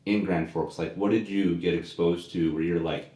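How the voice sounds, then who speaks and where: Low-voiced guy hosting a podcast, rambly relaxed questions, roomy echo. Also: moderate pace, few pauses. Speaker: podcast host. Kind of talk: casual interview chat. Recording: echoey room.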